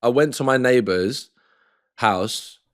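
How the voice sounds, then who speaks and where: A man's voice: mid-range voice, slow. A man, co-hosting a podcast, telling a rambling, sweary story and acting out what other people said. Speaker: podcast co-host. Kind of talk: casual storytelling chat.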